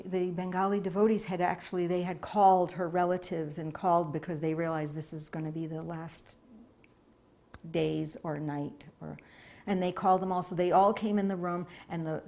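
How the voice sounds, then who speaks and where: A woman, a devotee, sharing a personal memory in an interview, telling it in an earnest, reflective way. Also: fairly low pitch.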